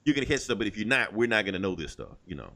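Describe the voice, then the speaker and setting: A man talking fast, with a lively, swinging pitch. He co-hosts a podcast and makes his points emphatically, with loose swearing and laughter. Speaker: podcast co-host. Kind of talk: casual chat.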